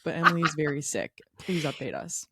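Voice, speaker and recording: A woman's voice: low-pitched, fast talker, heavy background noise. A woman co-hosting a podcast, chatty and playful, explaining hormones in casual talk. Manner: chatty, playful, heavy "like" fillers. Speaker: podcast co-host.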